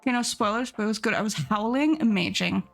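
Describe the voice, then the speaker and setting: A woman's voice: on the high side, lively intonation, quick pace, gravelly. A young woman streamer chatting casually, giggling and reading her chat aloud.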